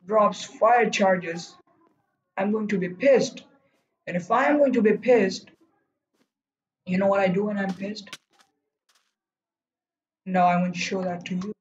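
A man giving live commentary while streaming a game, urging himself on and breaking into loud whoa and no cries. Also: sits high, unhurried, pauses often, echoey room, highs cut off, a little hiss or hum. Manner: talks to himself and urges teammates on. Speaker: gaming streamer.

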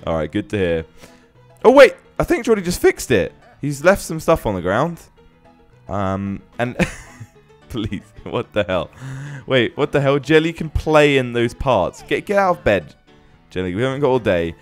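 A young adult man hosts a gaming channel video, offering casual, joking commentary at normal speed. He laughs often and animatedly exclaims at the on-screen characters, his average pitch swinging widely. Soft music plays quietly underneath.

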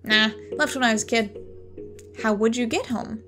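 Woman reading as a tired genie stuck in a lamp, dry and put-upon, fairly high voice. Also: moderate pace, music in the background, close to an everyday voice. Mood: weary. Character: weary genie trapped in a lamp.

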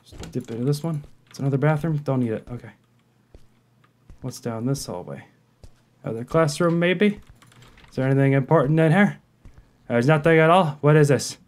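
A man hosting a horror game playthrough, talking to himself in jumpy, profane commentary that swings from muttering to yelling. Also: fairly high pitch, normal speed, long pauses. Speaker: gaming video host.

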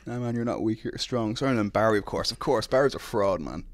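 A young Irish man streaming a video game live, chatting casually, reading out viewer messages and reacting loudly when startled. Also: on the low side, expressive, moderate pace, slight background noise. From Ireland. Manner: casual, reads chat aloud, yelps when startled. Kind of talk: live gameplay stream chat.

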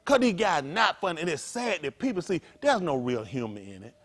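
Pastor, male, high voice, lively delivery, street-casual preaching. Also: brisk. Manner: animated, colloquial, rhetorical questions. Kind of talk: conversational sermon.

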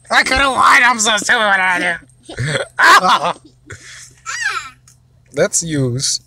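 A father giving gameplay commentary, excitable, wailing and shouting whenever a battle goes badly. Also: high-pitched, slow pace, long pauses. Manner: excitable, wails and shouts over losses. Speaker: father, mobile gamer.

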